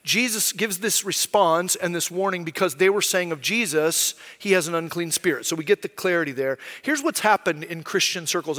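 A man's voice: sits high, bright, forceful tone, big-room sound. A man preaching a sermon as pastor, conversational and explaining with frequent rhetorical questions.

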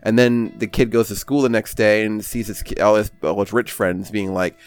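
A man's voice: lowish voice, steady tone, moderate pace, smooth. A young man hosting a casual podcast, rambling through a comic story with swearing and many fillers. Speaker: podcast host. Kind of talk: casual chat.

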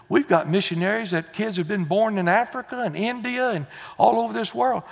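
Preacher, male, high gravelly voice, folksy delivery, church hall reverb. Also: a little fast, few pauses. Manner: folksy, swings from quiet asides to loud exhortation. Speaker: pastor. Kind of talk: sermon. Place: church sanctuary.

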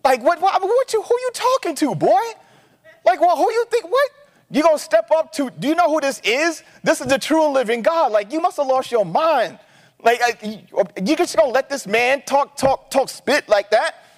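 A man's voice: very high-pitched, expressive, moderate pace, in a large hall, voice pushed up. A man voicing a brash young male shepherd who speaks in an incredulous, streetwise, challenging way. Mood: indignant.

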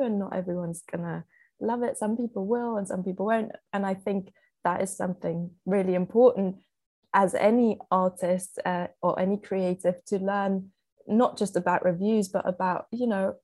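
A woman's voice: medium pitch, darkish tone, no echo. Chatty young woman, English. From Austria. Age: young adult. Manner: chatty storyteller, laughs often. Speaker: actor guest. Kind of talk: casual interview chat.

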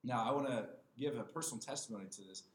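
A man in his twenties, a podcast guest, talking in a measured, earnest way and reading a passage aloud. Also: medium pitch, a little hiss or hum. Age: 20s. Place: small room with other people. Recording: roomy echo with faint ambience.

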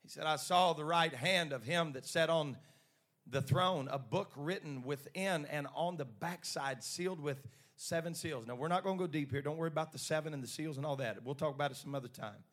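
A man's voice: a little high, fairly quick, a bit bright. A man preaching a sermon who retells scripture dramatically and calls on the congregation to answer back.

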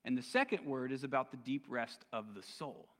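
A man's voice: medium pitch, lively intonation, normal speed, fairly bright tone. Man preaching in a reverberant hall. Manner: conversational preaching with casual slang. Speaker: pastor. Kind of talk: sermon. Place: church sanctuary.

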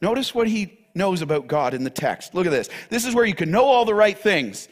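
Man, pastor, sermon, emphatic Bible teaching, lively up-and-down voice. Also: sits high, fairly quick.

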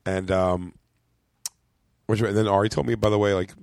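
A man's voice: on the low side, moderate pace, gravelly, smooth, no echo, studio quality. A man, a comedian, chatting casually on a podcast, rambling through a story with many restarts. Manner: rambling with fillers and restarts, excitable. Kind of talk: casual chat. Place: podcast studio.

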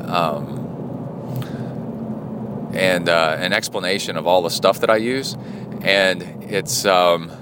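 Rambling, chatty man, lowish voice. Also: background noise. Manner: rambling, chatty, many fillers. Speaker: triathlon podcast host. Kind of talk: casual spoken diary.

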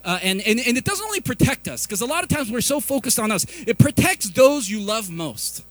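Pastor, middle-aged man, fairly high voice, lively confessional sermon delivery. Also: a little fast, faint music behind. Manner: animated, confessional storytelling with many restarts.

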